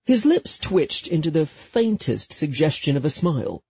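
Male audiobook narrator, first-person romance, mellow tone with a lively, wide-ranging delivery, slightly dull recording. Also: a little high, moderate pace, gravelly, hardly any pauses, slightly rough, no room sound. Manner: lively, expressive and playfully self-mocking.

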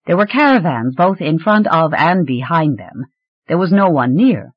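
Lively fantasy audiobook narrator, husky tone, dry dull recording. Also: dry recording. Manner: expressive, shifting pitch through the story.

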